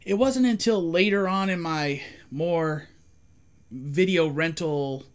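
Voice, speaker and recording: Rambling man telling a story, higher voice. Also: slow pace, clean tone. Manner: rambling storyteller, many fillers and restarts. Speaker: podcast co-host. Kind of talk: casual chat.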